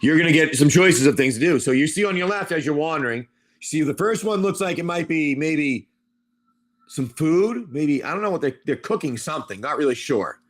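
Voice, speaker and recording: A man game master narrates a wasteland tabletop adventure on a stream. He talks in a loose, rambling way with plenty of asides and calls on his players by name. His voice sits slightly high for a man. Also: animated, normal speed.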